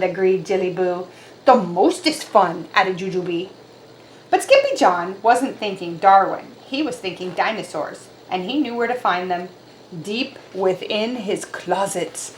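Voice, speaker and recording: A woman reading a picture book aloud to children as an animated, expressive storyteller. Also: medium pitch, roomy sound, slight background noise.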